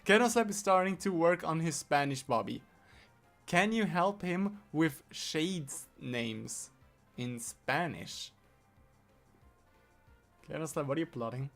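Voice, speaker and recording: A man's voice: on the high side, animated, takes it slowly, vocal fry, long pauses, a bit bright, faint music behind. A man live-streaming a game, teasing and swearing at his AI helper with exasperated laughs. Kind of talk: live-stream gaming chat.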